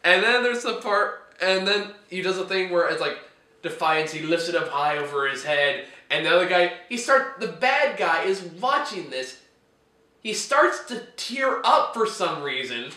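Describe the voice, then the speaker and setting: A man's voice: high voice, animated, normal speed, sharp tone, echoey room. A man hosting a casual chat about bad movies, ranting in an exasperated way and laughing often. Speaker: host reviewing movies.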